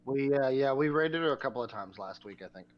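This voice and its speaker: A man helps run a live stream and answers the host in short, matter-of-fact replies. His voice sits at a middling pitch, and the sound comes through dull and lo-fi. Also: lively intonation, fairly quick. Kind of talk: casual off-camera chat.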